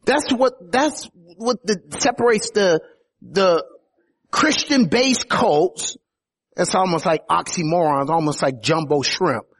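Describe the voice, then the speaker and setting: A man's voice: high-pitched, takes it slowly, husky. A man preaching a sermon as pastor, building to emphatic peaks on key phrases.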